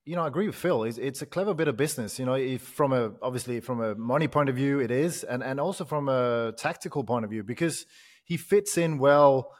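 A man's voice: medium pitch, a little fast. A male podcast guest with a mid-range voice, talking football. He feels his way through each point with lots of "you know" and restarts. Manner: hesitant, many "you know" fillers and restarts. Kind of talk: casual football podcast chat.

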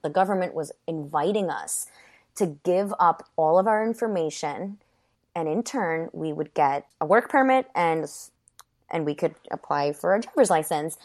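A woman's voice: low voice, normal speed. Earnest woman telling her own story. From born in Ecuador, raised in New York. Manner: earnest, heavy use of "you know" and "like". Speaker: interview guest. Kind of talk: personal storytelling in an interview.

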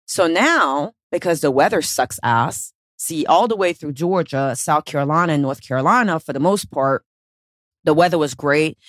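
A woman with a fairly low voice delivers a motivational podcast monologue, coaching listeners in a blunt, casual way. She swears freely and tells her points as animated little stories. The sound is close and dry, with no room around it. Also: moderate pace, no echo. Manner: casual, profane, animated storytelling. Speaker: podcast host and weight-loss coach.

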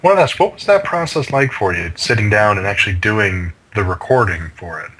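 A man's voice: lowish voice, lively intonation, brisk, pushed and bright, low-quality recording. A man interviewing a guest, asking questions with hesitant fillers. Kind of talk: casual interview.

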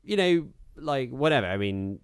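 A man's voice: mid-range voice, very animated, normal speed, smooth, no echo, clean studio sound. A man co-hosting a podcast, talking through films in a rambling, wry way with lots of fillers. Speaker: podcast co-host. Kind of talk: casual film discussion.

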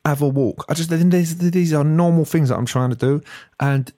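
A man's voice: on the high side, moderate pace, mellow, no echo, clean studio sound. A man, hosting a solo podcast rant, swearing freely and stuttering when worked up. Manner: swearing, exasperated, slangy. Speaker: podcast host.

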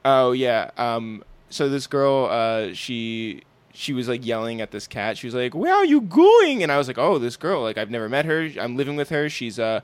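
A man co-hosting a podcast, telling stories in an animated way and acting out the people he quotes. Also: medium pitch, moderate pace, few pauses, smooth, no room sound. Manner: animated storyteller, acts out quoted voices. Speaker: podcast co-host. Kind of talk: casual interview chat.

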